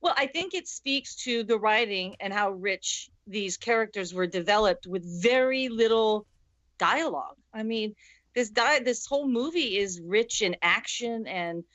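A woman's voice: medium pitch, expressive, a little slow, a bit bright, no echo, highs cut off. A woman co-hosting a casual movie podcast, talking emphatically and gushing about actors. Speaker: podcast co-host.

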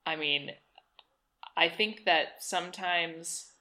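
A woman co-hosting a podcast, talking in a thoughtful, halting way with many restarts. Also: fairly low pitch, bright, forceful tone. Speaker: podcast co-host. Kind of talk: casual chat.

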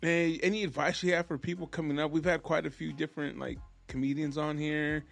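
A man's voice: on the high side, flat delivery, brisk, creaky, soft background music. A man hosting a podcast, asking his guest questions in a laid-back, casual way. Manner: laid-back, says "bro". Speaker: podcast host.

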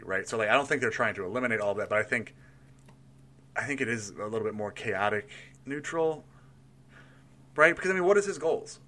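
A man with a bright, forward voice talks casually about a tabletop role-playing character. He thinks aloud, rambling with restarts and little laughs. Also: medium pitch, lively intonation, brisk, long pauses. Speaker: player building a tabletop character. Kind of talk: casual chat.

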